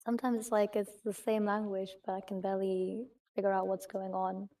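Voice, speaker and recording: Flat-toned, mellow woman chatting. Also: mid-range voice, fairly quick. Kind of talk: casual chat.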